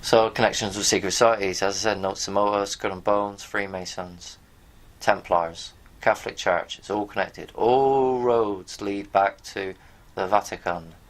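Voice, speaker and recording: A man with a somewhat low voice talks casually to the camera, rambling and blunt, with the odd swear word. He reads bits from pages on screen and speaks straight to his viewers. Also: steady tone, measured pace. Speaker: video host. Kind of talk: casual commentary while reading from pages on screen.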